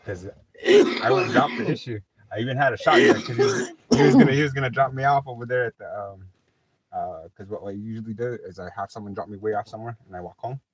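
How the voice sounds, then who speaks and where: Very animated and fast-talking, this middle-aged livestream host spins rambling, profane stories during a casual late-night chat. His voice sits at a medium pitch.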